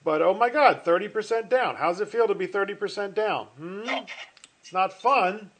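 A man's voice: high voice, moderate pace, noisy background. A middle-aged man teaching a finance class online over a video call, chatty and rambling, often stopping and restarting with fillers. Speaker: finance professor. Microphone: computer mic on a video call.

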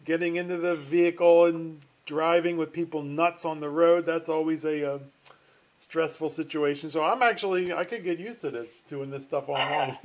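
A high-voiced middle-aged man lectures to an online class through his computer mic. He talks chattily and rambles, trailing off into fillers and restarting his sentences. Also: fairly even intonation, normal speed. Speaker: finance professor. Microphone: computer mic on a video call.

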